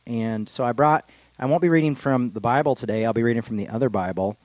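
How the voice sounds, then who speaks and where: A man gives a relaxed, chatty sermon, drifting into side stories. His voice sits in a middle register. The sound is dry and close, with no room around it. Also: mid-range voice, dry recording, low-quality recording. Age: adult with children. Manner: casual and digressive, slows down for quotations. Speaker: pastor. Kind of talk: informal sermon.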